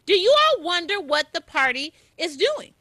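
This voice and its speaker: A woman hosting a radio talk show, animated and emphatic, often cutting in to stress a point. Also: very high-pitched, moderate pace, no room sound.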